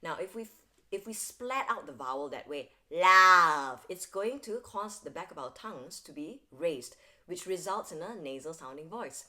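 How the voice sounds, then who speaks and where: A woman's voice: fairly low pitch, lively intonation, normal speed. A woman singing teacher explaining vocal technique step by step, often checking in with "all right?". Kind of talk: instructional video lesson.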